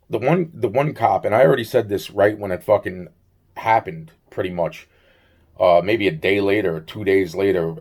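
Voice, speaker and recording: Rambling, low-voiced man telling a story. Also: a little mellow. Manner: rambling, repetitive, full of "you know" and "blah blah blah", swears freely. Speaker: vlogger. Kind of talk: casual rambling storytelling to camera.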